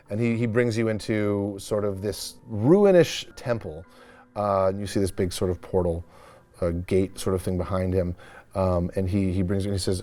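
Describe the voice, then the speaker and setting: A man's voice: on the low side, moderate pace, darkish tone. A man running a tabletop game as game master, narrating in a casual, rambling way with many restarts.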